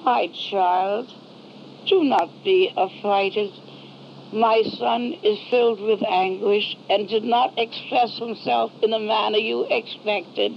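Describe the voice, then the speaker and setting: A woman speaking as a solemn heavenly mother, slow and measured, with a gravelly low edge. The recording is dull and lo-fi, with a faint hiss underneath. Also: steady tone. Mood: consoling.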